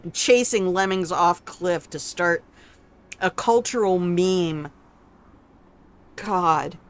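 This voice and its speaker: Low-voiced and smooth, an older woman gaming streamer takes her time while commenting casually on her gameplay. She's salty with her viewers, teasing them and swearing freely.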